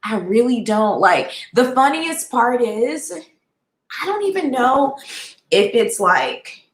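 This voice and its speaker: A woman's voice: a little high, sing-song, slow, echoey room, poor audio. A woman chatting casually on a live stream, speaking heartfelt and straight to her viewers and answering their comments.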